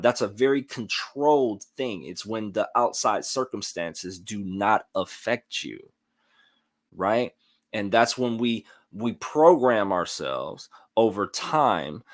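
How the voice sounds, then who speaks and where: Male motivational host, low register, dry close sound, earnest and explanatory. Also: no room sound. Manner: earnest, explanatory, repeats "right?" often. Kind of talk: live-streamed motivational talk.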